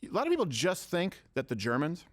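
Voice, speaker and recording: Hosting a political talk show, a man with a slightly high voice speaks briskly, his pitch swooping wildly. He argues his case, jokes around with co-hosts and reads quotes out loud.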